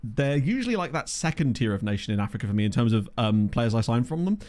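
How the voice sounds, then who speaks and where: A man's voice: mid-range voice, sing-song, fast, a little mellow. Chatty Englishman thinking aloud. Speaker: gaming video creator. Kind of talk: casual gameplay commentary. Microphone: desktop USB microphone.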